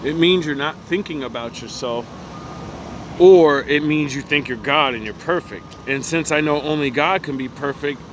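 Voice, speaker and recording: A man's voice: fairly high pitch, moderate pace, noisy background. A man in casual chat with a blunt, preachy and profane way of talking.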